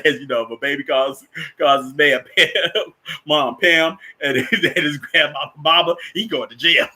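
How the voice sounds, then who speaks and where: A man's voice: mid-range voice, pushed and bright. A man giving casual film commentary as a spiritual teacher, rambling with many restarts and frequent chuckles.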